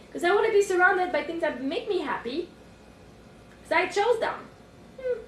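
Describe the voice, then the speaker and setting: A woman life coach on a livestream from home, thinking aloud with sudden excited outbursts and cooing at her puppy. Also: very high-pitched, echoey room, distant mic, a little hiss or hum. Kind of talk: livestream self-reflection. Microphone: phone.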